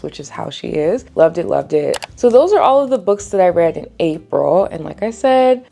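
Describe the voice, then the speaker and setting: A woman's voice: sits low, creaky, warm tone. A woman book vlogger in a casual reading wrap-up, telling stories in a chatty way with lots of filler words. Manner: chatty storytelling, frequent "like" fillers.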